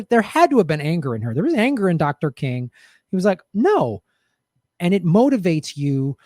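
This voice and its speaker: A man's voice: fairly high pitch, a little mellow, dry recording, clean studio sound. A middle-aged man hosting a show, telling a personal story and giving blunt, profane commentary in a casual monologue. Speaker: podcast host.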